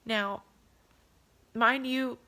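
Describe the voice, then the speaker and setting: A woman's voice: fairly high pitch, fairly even intonation, drawn-out words, sharp tone. A woman talking earnestly into her own video, repeating herself and often dropping into a whisper. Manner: repetitive, earnest, drops to whispers. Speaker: vlogger. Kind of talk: emotional personal video talk. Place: at home.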